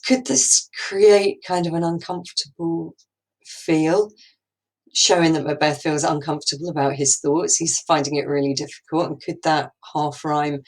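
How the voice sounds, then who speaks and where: Low-voiced woman teaching. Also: darkish tone, rough recording. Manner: musing, full of rhetorical questions. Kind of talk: recorded lesson.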